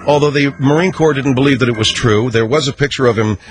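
A man's voice: medium pitch, fast, faint music behind. A man hosting a radio talk show, riffing sarcastically through a comedic monologue. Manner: sarcastic, riffing, acts out skits.

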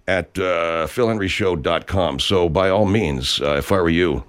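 A man's voice: low voice, unhurried, few pauses, a bit bright. A man hosting a comedy talk radio show, chatty and wry as he plugs the show.

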